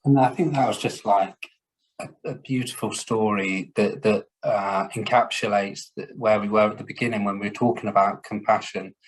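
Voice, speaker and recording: A man, a social worker, speaking in a measured and thoughtful way in a webinar discussion over a video call, pausing on "uh" and "um". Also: on the low side, fairly even intonation, slight background noise, poor audio.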